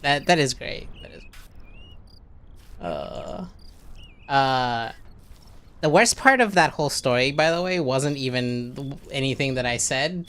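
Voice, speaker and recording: A man, a podcast co-host, telling an anecdote in casual chat, animated and swearing often. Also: mid-range voice, measured pace, pauses often, clear, resonant tone.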